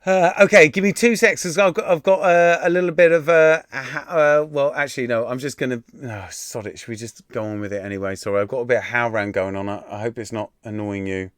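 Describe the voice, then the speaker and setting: A man's voice: medium pitch, steady tone, fairly quick, hardly any pauses, dry recording, studio quality. A young man hosting a quiz live stream from home into a desk microphone, reading out the answers in a chatty, irreverent way with casual swearing, many fillers and restarts. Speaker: quiz host. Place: at home, room near a kitchen.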